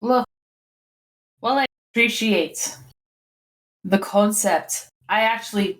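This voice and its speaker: A woman's voice: mid-range voice, takes it slowly, long pauses, rough recording. A woman with a mid-range voice plays her character in a tabletop game. She talks in a dry, matter-of-fact way. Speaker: player. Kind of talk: casual tabletop play.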